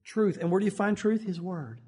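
A man preaches with a high, somewhat husky voice. He keeps it conversational and animated, slipping into little acted-out quotes as he goes. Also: fairly quick. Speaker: pastor. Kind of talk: sermon.

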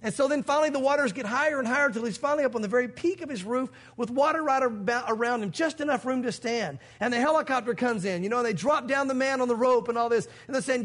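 A pastor with an extremely high, fairly bright voice preaches fast, with hardly any pauses, before a congregation. He tells stories in his sermon and acts out the voices of the people in them.

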